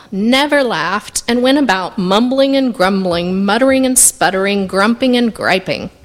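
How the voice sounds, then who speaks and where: Woman reader for a picture book: lively, expressive, somewhat high voice. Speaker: story reader. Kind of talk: reading a picture book aloud.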